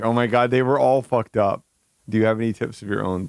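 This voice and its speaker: A man's voice: lowish voice, steady tone, fairly quick, creaky, clean tone, no room sound, clean studio sound. A man streaming live, reacting to a video with incredulous, stammering, profane commentary. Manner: incredulous, swearing, stammering with bursts of laughter.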